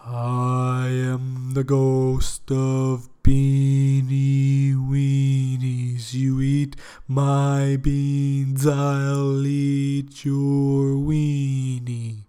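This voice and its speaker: A man voicing a menacing male ghost that comes out of a can of beans, speaking in slow, drawn-out proclamations. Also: medium pitch, completely flat delivery, mellow, clean tone, voice pushed up. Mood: booming.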